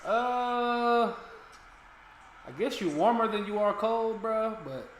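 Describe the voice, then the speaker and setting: A man's voice: sits high, slow pace. A man, co-hosting a sports watch-along, teasing his friend in casual, profane banter. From United States. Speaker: co-host of a footy watch-along. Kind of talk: casual streaming chat. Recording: echoey room with faint noise.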